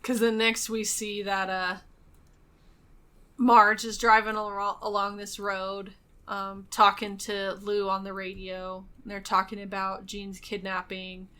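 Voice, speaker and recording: A woman's voice: medium pitch, completely flat delivery, slow pace, sharp tone, clear, resonant tone. A woman co-hosting a podcast, casually retelling a film's plot with lots of fillers and little laughs. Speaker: podcast co-host. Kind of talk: casual movie recap chat.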